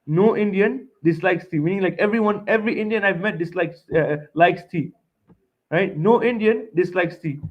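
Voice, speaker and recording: A man's voice: high voice, normal speed, dull audio. A young man from Montreal giving a seminar lecture, speaking emphatically, repeating his points and tagging them with "right?". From Montreal, Canada.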